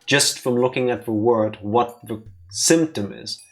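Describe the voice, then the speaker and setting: A woman's voice: a bass voice, a little slow, soft background music. Chatty woman co-hosting a let's play. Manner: chatty, swears, explains things. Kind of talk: casual gameplay commentary.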